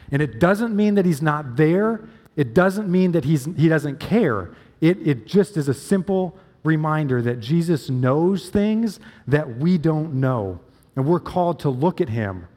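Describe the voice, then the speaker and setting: A man's voice: on the high side, darkish tone. A male pastor preaching a sermon, telling a story with emphatic, repeated phrases. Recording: long hall reverb.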